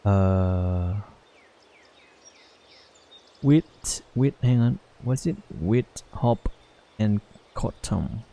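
A man giving halting, rambling commentary while playing a game, with many fillers. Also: lowish voice, warm tone, highs cut off. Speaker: let's play host. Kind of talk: casual gameplay commentary.

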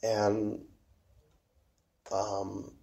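Mellow-voiced man musing on acting. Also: lowish voice, extremely slow, vocal fry, dull audio. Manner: musing, trails off and restarts, animated when making a point. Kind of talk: casual conversation.

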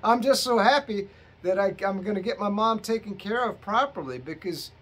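A man's voice: high-pitched, expressive, moderate pace, a bit bright. A middle-aged man, a bit tipsy from drinking, telling a rambling, profane story to his viewers. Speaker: vlogger. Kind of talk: rambling casual monologue.

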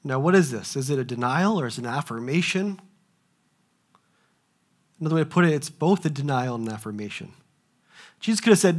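Animated man preaching a sermon. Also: mid-range voice, a little fast, long pauses. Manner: animated, asks rhetorical questions and acts out quoted voices. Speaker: pastor.

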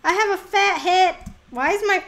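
High-pitched gamer girl, hesitant and full of fillers, casual co-host chatter. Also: moderate pace, fairly bright tone, rough recording. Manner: hesitant, many stammered fillers. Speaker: gaming channel co-host. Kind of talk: casual gameplay chat.

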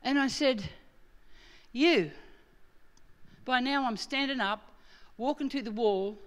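A woman's voice: high-pitched, normal speed, clean tone. A middle-aged Australian woman preaching a sermon, telling a story and acting out her own quoted lines with animation. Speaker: guest preacher.

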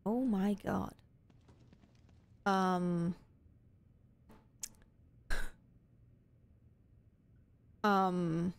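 A woman streaming horror games, chatty and expressive and swearing freely. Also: medium pitch, extremely slow, vocal fry, pauses often. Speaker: game streamer. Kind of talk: live reactions to horror games.

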